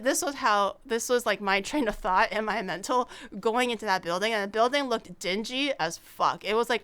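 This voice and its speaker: A woman's voice: a little high, pushed and bright, clear, resonant tone. A young woman streaming as a VTuber, telling a story in casual chat, acting out quotes with big jumps in her voice, swearing and laughing often.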